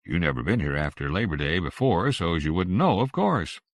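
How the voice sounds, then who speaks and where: Loud, firm small-town grocer, put on by a male audiobook narrator; gravelly, dry studio read. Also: sits low, big pitch swings, brisk, dry recording. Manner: suspicious, loud and firm on the phone. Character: gruff rural male country grocer.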